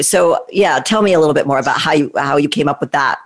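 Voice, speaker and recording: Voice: mid-range voice, fast talker. An interview host who talks in a chatty, eager way with loose phrasing, steering the guest to his stories. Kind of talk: casual interview.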